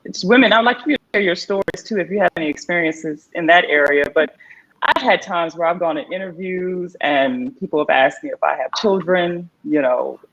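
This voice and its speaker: A woman hosting a discussion, asking open questions in a measured, inviting way. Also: fairly low pitch, fairly bright tone, lo-fi sound. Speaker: host.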